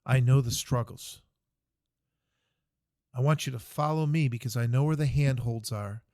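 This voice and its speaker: A man voicing a calm army sergeant who reassures and guides a young soldier, in a dry recording. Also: mid-range voice, moderate pace, no room sound, lightly acted. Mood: reassuring.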